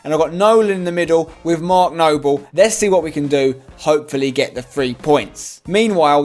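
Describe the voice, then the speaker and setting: Excitable young man commentating a game. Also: on the high side. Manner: excitable, groans loudly at conceded goals. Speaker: host. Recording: faint music behind.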